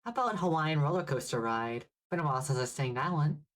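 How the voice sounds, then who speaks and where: A woman's voice: low-pitched, lively intonation, fast. A woman hosting a karaoke livestream, chatting casually and giggling between songs. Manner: chatty, giggly, thinking aloud.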